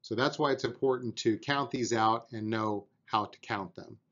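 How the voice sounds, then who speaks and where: A man's voice: lowish voice, normal speed, fairly bright tone, highs cut off. A man teaching a beginner drum lesson, patiently explaining and counting out beats aloud, with an encouraging manner.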